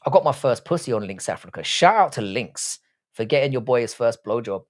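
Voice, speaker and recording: Crude, joking livestream host. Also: male voice, mid-range voice, expressive, fairly quick. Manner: crude, joking banter, swears freely. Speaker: livestream host reading chat. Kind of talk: casual live chat.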